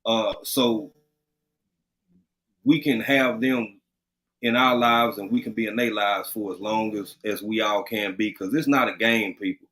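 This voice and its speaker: A man's voice: lowish voice, steady tone, unhurried, a bit bright, poor audio. Earnest Texan veteran man. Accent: East Texas. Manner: earnest and preachy, repeats himself. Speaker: livestream co-host. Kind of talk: casual chat.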